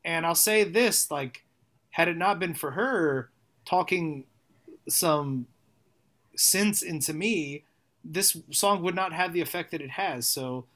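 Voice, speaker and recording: Rambling, animated male songwriter. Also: fairly high pitch, slow pace. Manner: animated, rambling, with frequent restarts and profanity. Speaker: songwriter and musician guest. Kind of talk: casual interview talk.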